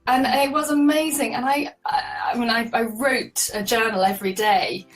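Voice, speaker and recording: A chatty woman shares her stories as an interview guest, lively and quick to laugh. She sits a little back from the mic, and faint music plays underneath. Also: on the high side, distant mic, rough recording. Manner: chatty, animated, laughs often. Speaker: guest, solo cyclist. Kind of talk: conversational interview storytelling.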